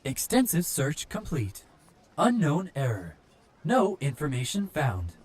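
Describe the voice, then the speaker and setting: Man doing a monotone police android. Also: on the high side, unhurried, breathy edge, voice pushed up, heavily acted. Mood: commanding. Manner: flat, clipped machine-like statements. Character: monotone male police android, calm and mechanical.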